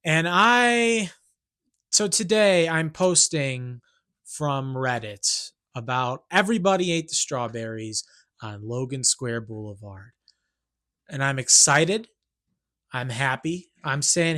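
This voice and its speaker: Give me a man venting on his channel, rambling and restarting, bright edgy tone. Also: medium pitch, lively intonation, slow pace. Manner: rambling, self-interrupting, keeps asking "right?". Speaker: YouTuber and songwriter. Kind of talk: ranting monologue.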